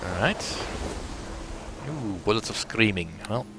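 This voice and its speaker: A man hosting a let's play, giving casual gameplay commentary with relaxed, muttered asides. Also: on the low side, takes it slowly, background noise.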